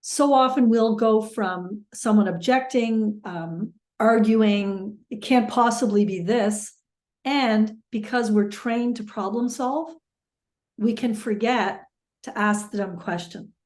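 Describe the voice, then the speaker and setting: Woman mediation trainer, lively and example-driven, slightly high voice, roomy sound. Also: slow. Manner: lively, illustrates with everyday examples. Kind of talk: webinar teaching talk.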